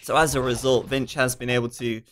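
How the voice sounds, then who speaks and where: Man, live game commentator, casual chatty delivery, reads viewer chat, frequent fillers, ordinary middle pitch. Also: level tone, a bit bright, slight background noise. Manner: quick asides and frequent fillers. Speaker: esports commentator.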